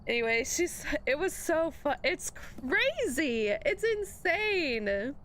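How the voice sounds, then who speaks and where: High-voiced, unhurried young woman streamer. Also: big pitch swings, fairly bright tone, slight background noise. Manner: chatty, rambling storyteller who laughs often; greets viewers in an upbeat hype voice. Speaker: live streamer. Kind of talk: casual live-stream chat.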